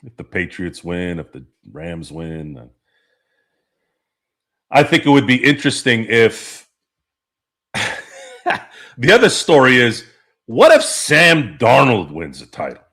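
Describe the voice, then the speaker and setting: A man with a fairly low pitch and a fairly bright tone hosts a casual sports talk stream, very animated yet unhurried. As podcast host he rambles, swears and laughs often while reading the chat.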